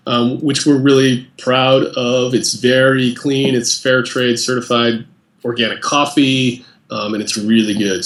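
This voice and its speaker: Laid-back guy being interviewed, lots of ums, roomy echo. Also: mid-range voice. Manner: relaxed, conversational with fillers. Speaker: interview guest, company president. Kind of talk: casual interview chat.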